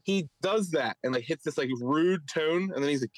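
A man's voice: a little high, normal speed, no echo, rough recording. A man with a Philadelphia accent, a podcast co-host and stand-up comic, telling a story in casual chat and mimicking others in raised voices. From Philadelphia area.

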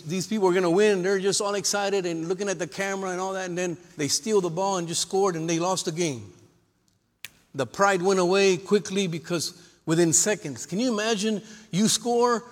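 A man preaching a lively sermon to his church, calling for amens and joking with the congregation. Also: high-pitched. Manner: lively preacher with call-and-response and humor. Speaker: pastor. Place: church sanctuary. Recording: long reverb of a church hall.

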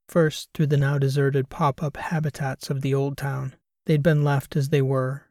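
A man narrating a science fiction audiobook in a steady, even storytelling manner. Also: mid-range voice, dry recording, studio quality. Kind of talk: scripted narration.

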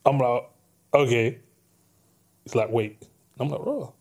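A man's voice: mid-range voice, unhurried, husky. A young man telling a story in casual podcast chat, acting out the voices of the people in it and often laughing. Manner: animated storyteller, acts out voices, breaks into laughter. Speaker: podcast co-host.

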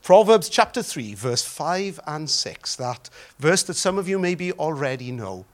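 A middle-aged man with a Welsh accent, a pastor preaching a sermon with humorous stories that swing from loud exclaiming to soft prayer. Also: a little high, big pitch swings, a little slow.

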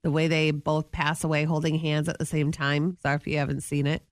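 A woman's voice: low-pitched, flat delivery, dry recording, studio quality. Chatty woman radio co-host. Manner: chatty, rambling, quick asides. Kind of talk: casual morning radio chat.

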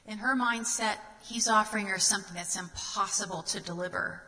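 A woman's voice: medium pitch, steady tone, fairly quick, pushed and bright, big-room sound, low-quality recording. A woman guest speaker giving a sermon, reading scripture aloud and asking the listeners earnest questions.

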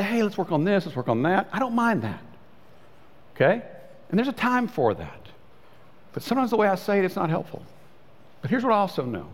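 A pastor preaching a sermon in a conversational way, his voice swinging between high and low. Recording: long hall reverb.

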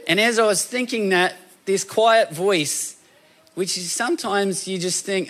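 A man preaching a sermon in a conversational, animated storytelling way, often acting out voices. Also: high-pitched, measured pace.

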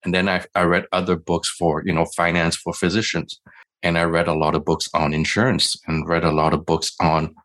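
A physician in his forties tells a self-deprecating story in a relaxed podcast interview. His voice sits very low. He slips into the voices of the people he quotes as he goes. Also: brisk. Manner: candid, self-deprecating, acts out quoted dialogue.

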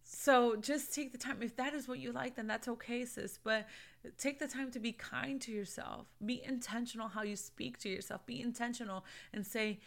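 A woman's voice: fairly high pitch, fairly even intonation, moderate pace, creaky. A woman giving casual, earnest faith and self-care encouragement to viewers, calling them "sis" and "babe" and mixing in Spanish phrases. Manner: earnest, encouraging, laughs between points. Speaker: Christian lifestyle vlogger. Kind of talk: casual motivational talk to camera.

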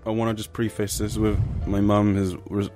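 A man's voice: on the low side, level tone, moderate pace, mellow, soft background music. A young man co-hosting a podcast, cracking jokes and talking over his friends in casual chat. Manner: joking, talks over others. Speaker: podcast co-host.

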